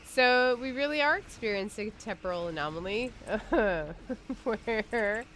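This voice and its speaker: A woman with a voice on the high side speaks at a measured pace in a fairly bright tone, with slight background noise. She co-hosts a podcast, chatting casually, giggling, and using lots of fillers while playing a game on a livestream.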